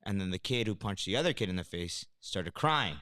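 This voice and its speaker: Low voiced coach guy teasing his buddy, casual podcast talk. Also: animated, a little fast, sharp tone. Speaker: martial arts coach.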